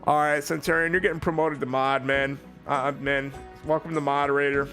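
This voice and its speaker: A man's voice: on the high side, a little fast, faint music behind. A young man chatting with his viewers while streaming a game, swearing, laughing in bursts and getting worked up. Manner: excitable, swears a lot, laughs in bursts, talks to chat. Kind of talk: live gaming stream chat.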